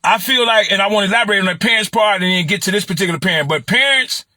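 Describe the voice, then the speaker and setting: A middle-aged man from Chicago with a Chicago accent, talking on a livestream in an animated, preachy way and repeating phrases. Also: high-pitched, very fast, no room sound, studio quality. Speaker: livestream commentator. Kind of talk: casual livestream talk.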